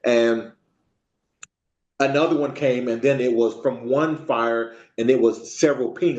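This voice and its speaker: A man, an Army veteran, recalling his service in an oral history interview, halting with frequent ums and restarts. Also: medium pitch, fairly even intonation, darkish tone. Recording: echoey room, dull lo-fi sound.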